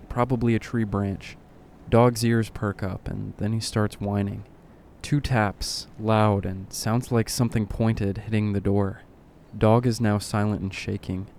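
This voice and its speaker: A man with a low, mellow voice reads horror stories in a flat, deadpan way that barely rises or falls. A faint hiss of noise sits under the recording. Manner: low, deadpan delivery with dry asides. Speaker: narrator. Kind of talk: reading horror stories aloud.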